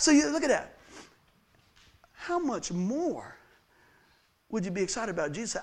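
A man preaching a lively sermon, telling personal stories, laughing often and acting out the people in them. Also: high-pitched, moderate pace, long pauses. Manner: animated, laughs often, acts out voices of people in his stories.

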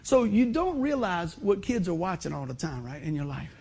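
A middle-aged man preaching a sermon in a folksy, animated way, acting out other people's voices. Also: sits high, normal speed, creaky, breathy edge. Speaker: pastor.

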